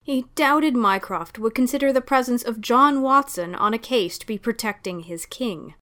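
A woman reading fan fiction aloud as a narrator, in a calm, even storytelling voice. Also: fairly high pitch, moderate pace, hardly any pauses.

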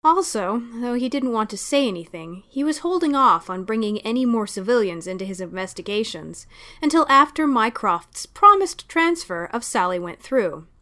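Woman calmly reading a story aloud. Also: fairly high pitch, normal speed. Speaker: narrator. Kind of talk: reading fan fiction aloud.

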